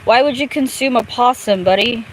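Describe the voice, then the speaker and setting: A woman's voice: fairly high pitch, normal speed, a little hiss or hum, poor audio. A young woman commenting casually on a game she plays, crude and chatty, talking back at the game. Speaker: gameplay streamer.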